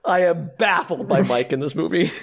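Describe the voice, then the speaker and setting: A man hosting a podcast, talking in a casual, animated and exasperated way and laughing as he riffs. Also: fairly high pitch, moderate pace, gravelly. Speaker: podcast host. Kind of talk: casual chat.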